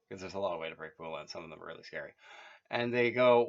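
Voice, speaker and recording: Low-voiced guy rambling through a story, lots of ums, muffled lo-fi sound. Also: fast talker. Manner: rambling, many fillers and restarts, chuckles at his own jokes. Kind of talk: casual improvised storytelling. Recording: muffled lo-fi audio.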